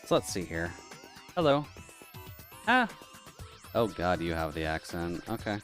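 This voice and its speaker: Male streamer, deep voice, casual sarcastic play-by-play, light music underneath. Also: brisk. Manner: sarcastic, muttering, swears. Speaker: game streamer. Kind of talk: casual live gameplay commentary.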